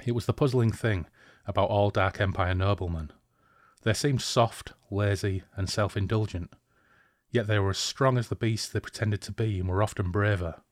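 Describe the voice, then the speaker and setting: A man's voice: on the low side, normal speed, no echo, clean studio sound. Chatty man discussing a book. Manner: enthusiastic, chatty. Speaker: podcast co-host. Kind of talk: book discussion and reading aloud.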